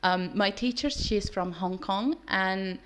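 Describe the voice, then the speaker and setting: A woman's voice: mid-range voice, slow, fairly bright tone. A woman, not a native English speaker, teaching English in a casual, earnest vlog to her students. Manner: earnest, with some restarts.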